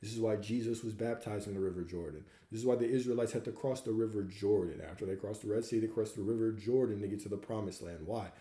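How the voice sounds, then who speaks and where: A man's voice: fairly low pitch, fast, few pauses, warm tone, reverberant. A man hosting a livestream Q&A, coaching viewers and hammering points home with repeated rhetorical questions. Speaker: host answering viewer questions.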